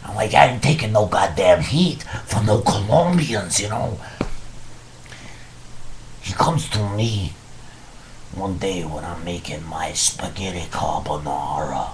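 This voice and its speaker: A man playing Vinny, a low, slow gangster cook. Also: a little hiss or hum. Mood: blustering. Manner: tough-guy swagger, heavy swearing, rambling. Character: hot-tempered male mobster cook, middle-aged. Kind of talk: improvised comic monologue. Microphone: webcam.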